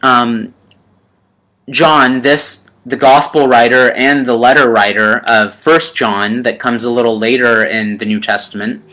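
A man preaching a sermon in a gentle, unhurried way, calling his listeners friend and pausing with ums. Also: medium pitch, fairly even intonation. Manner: unhurried with frequent ums and pauses.

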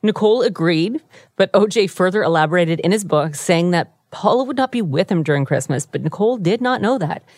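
A woman's voice: lowish voice, expressive, a little fast, darkish tone, no room sound. A woman hosting a true crime podcast, telling the story in a wry, easygoing way from a radio studio. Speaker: podcast host.

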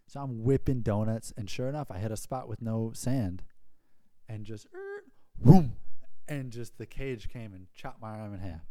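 A man co-hosting a podcast, telling a story in a casual, animated way and putting on squeaky voices for his younger self. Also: normal speed, no echo. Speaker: podcast co-host.

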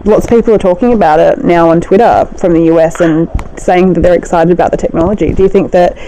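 Woman, podcast host, mellow warm tone, faint background noise. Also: on the low side, steady tone, fast talker, low-quality recording. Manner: friendly, asks questions. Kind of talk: casual podcast interview.

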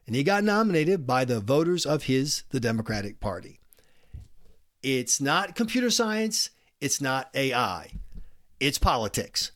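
A man hosting a political podcast, talking through an animated commentary monologue with jokey, mock-exasperated asides. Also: medium pitch. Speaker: podcast host.

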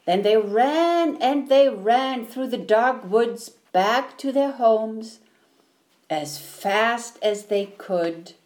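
A woman storyteller reading a children's picture book, taking each rhyming line at a very unhurried pace. Her voice sits fairly high, and her delivery is steady and rhythmic.

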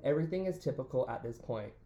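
A man's voice: medium pitch, fast talker, echoey room, highs cut off. A man from Alabama with a Southern American accent, co-hosting a casual chat and reading listener stories aloud. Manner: animated storyteller, playful voices for quotes. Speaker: podcast co-host, hairstylist.

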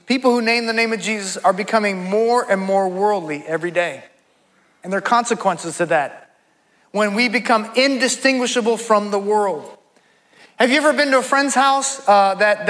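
A man's voice: high voice, a bit bright, big-room sound. A man preaching a sermon to his church, emphatic, rising into fervent voices when he quotes others. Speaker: pastor.

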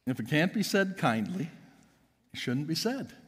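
High-voiced preacher guy, really animated, booms then drops quiet, long church echo. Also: unhurried, breathy edge. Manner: emphatic, swings from loud to hushed. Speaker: pastor. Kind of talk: sermon. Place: church sanctuary.

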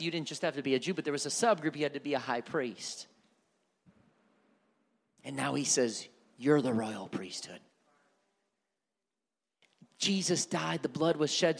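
A man preaching a sermon from the pulpit, moving from soft, low passages to loud, emphatic ones and repeating words for emphasis. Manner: builds from soft near-whisper to shouted fervor. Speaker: pastor.

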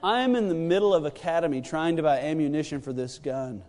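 A man in his thirties preaching a sermon, telling a family story with animated, acted-out quotes. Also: on the high side, fast talker, long reverb tail. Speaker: pastor.

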